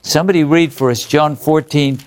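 A fairly high-voiced man leads a group Bible study. He keeps asking the group questions and often restarts his sentences in animated bursts. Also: fairly quick, a little hiss or hum.

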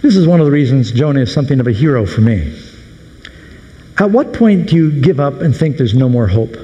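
A male pastor preaching a sermon, retelling a story with lively dramatic delivery. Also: medium pitch, brisk, dull audio. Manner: animated storytelling, acting out the sailors' panicked questions. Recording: long hall reverb.

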